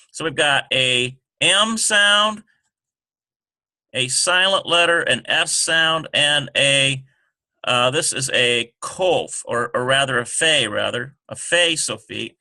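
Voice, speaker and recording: A man teaching a lesson over a screen recording, talking haltingly with many ums and self-corrections. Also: mid-range voice, pushed and bright, no room sound.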